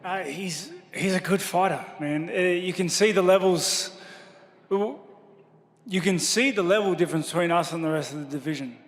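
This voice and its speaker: A man answering questions as a fighter at a press conference, modest and halting with many restarts. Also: high-pitched, big-room sound.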